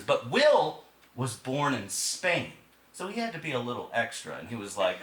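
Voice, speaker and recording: A man from Texas performing a one-man stage show, telling stories in an animated, conversational way in a roomy theater. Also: medium pitch, moderate pace, distant mic. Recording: roomy theater with faint ambience.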